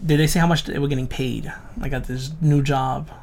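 A man's voice: mid-range voice, steady tone, brisk, gravelly, a little mellow, slight background noise. A man in casual chat, chiming in with wry jokes and questions. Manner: wry, joking interjections and questions. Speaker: podcast co-host.

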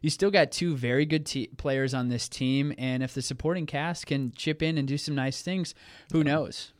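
A man's voice: mid-range voice, moderate pace, no room sound, studio quality. A young man co-hosting a sports podcast, easygoing and teasing, with lots of restarts. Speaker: podcast co-host. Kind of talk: casual sports chat.

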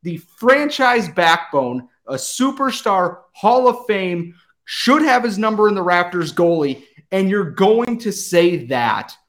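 A man's voice: high voice, lively intonation, takes it slowly, fairly bright tone. A man delivering an angry, emphatic sports rant, swearing and out of breath.

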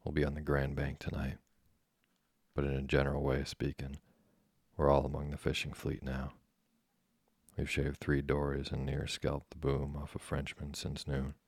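A man voicing a grave, measured older chief engineer of a steamship in a read-aloud novel. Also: very deep voice, completely flat delivery, creaky, darkish tone, slightly rough, dry recording, clean studio sound, full character voice.

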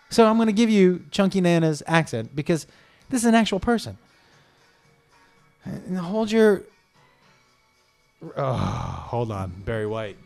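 A man with a fairly high voice tells a rambling comic story. He is animated and keeps breaking off into tangents and impressions. Soft music plays underneath. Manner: animated, jumping into digressions and voices.

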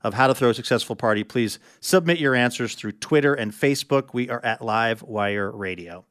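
A man hosting a radio show, wrapping up with smooth, upbeat announcements. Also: mid-range voice, brisk, a bit bright, no echo, clean studio sound.

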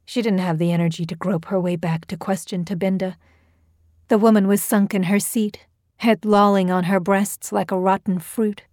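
A woman reading a horror story aloud with a measured, steady storytelling delivery. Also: mid-range voice, dry recording, clean studio sound. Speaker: narrator. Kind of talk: scripted horror story narration.

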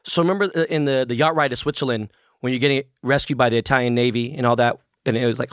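A man's voice: medium pitch, fairly even intonation, rapid-fire, hardly any pauses, dry recording, clean studio sound. A man hosting a casual interview, asking curious questions in a slangy way.

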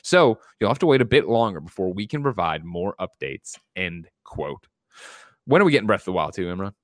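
A man hosting a casual gaming news podcast, talking in an animated way with frequent restarts and reading out listener letters. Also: low voice, fairly quick, no room sound. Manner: animated, restarts often, reads listener mail. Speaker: podcast host.

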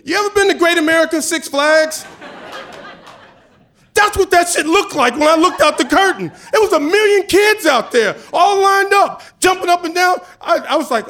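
Man, high-pitched, storyteller, animated, casual, acts out dialogue. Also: normal speed. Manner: casual, chatty with swearing. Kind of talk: live personal storytelling.

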